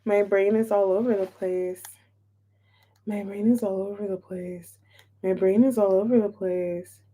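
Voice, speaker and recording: Her mid-range voice is steady and dark-toned with a measured pace as this tarot reader hosts an informal live session. She's talkative and a bit all over the place, saying things twice and welcoming chat viewers.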